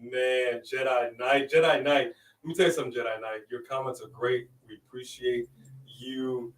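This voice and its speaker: A man hosting a casual livestream, giving playful, hyped shout-outs to viewers. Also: mid-range voice, steady tone, normal speed, roomy sound, recorded from a distance, low-quality recording. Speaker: host.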